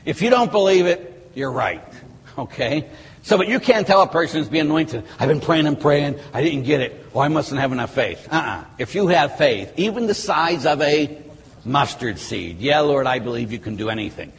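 Middle-aged man, Catholic priest, lively storytelling sermon, fairly high voice, long church echo. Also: normal speed, slightly rough. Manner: storytelling, emphatic with rising, exclamatory peaks. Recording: long church reverb, faint room ambience.

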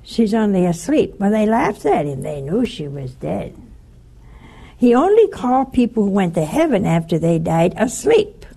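A woman's voice: mid-range voice, moderate pace, vocal fry, breathy edge. An older woman giving a sermon-style talk, telling stories with animation and voicing the people in them. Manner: animated storyteller, voices the people in her stories. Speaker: religious speaker.

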